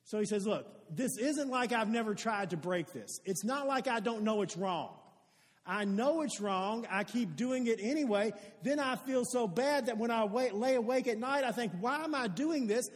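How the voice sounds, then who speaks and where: Male pastor, high voice, earnest conversational sermon, long hall echo. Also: moderate pace. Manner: earnest, conversational preaching with frequent restarts.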